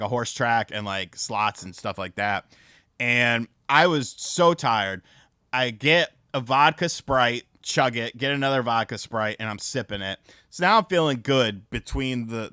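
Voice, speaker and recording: A man chatting on his livestream, his pitch swinging widely as he rambles through stories with plenty of swearing and fillers. His voice is bright and cutting, close to the mic in a dry, dead room. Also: no echo. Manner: rambling, profane, frequent fillers. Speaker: livestream host. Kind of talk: casual stream chat and storytelling.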